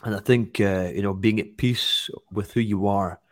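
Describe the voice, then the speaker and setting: A man with a low, flat voice speaks calmly in a casual chat. He talks in a measured, hesitant way, and the recording sounds dry and close. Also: dry recording. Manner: calm, measured, hesitant with fillers.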